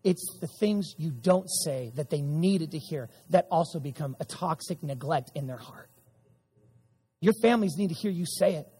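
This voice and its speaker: A man's voice: on the high side, expressive, moderate pace, dark tone, breathy edge. A middle-aged male pastor preaching an emphatic sermon, repeating lines and calling back to the congregation. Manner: emphatic preaching with repeated audience call-and-response. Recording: church sanctuary with long reverb.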